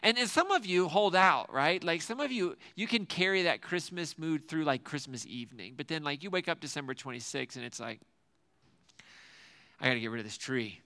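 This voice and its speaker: A man's voice: a little high, animated, fairly quick, hardly any pauses, pushed and bright. A man serving as lead pastor, giving a casual, joking sermon to a live congregation and often asking the room questions. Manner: joking, chatty, self-mocking, often asks the room questions.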